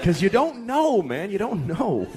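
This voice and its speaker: A man's voice: sits high, huge pitch swings, a little slow, darkish tone, slight background noise. A middle-aged man doing a stand-up comedy set on stage, ranting in an exasperated, profane way. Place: theater stage before a laughing audience. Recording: live show with crowd laughter.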